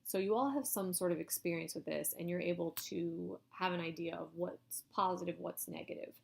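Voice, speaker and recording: A woman instructor explaining public speaking delivery in a recorded video lecture, in a steady teaching tone with some hedging. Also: on the low side, a little fast, vocal fry. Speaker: college instructor.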